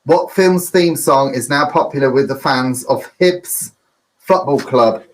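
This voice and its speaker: A man's voice: mid-range voice, unhurried, rough recording. A man hosting a live online pub quiz, chatty and rambling, with lots of flustered asides. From United Kingdom.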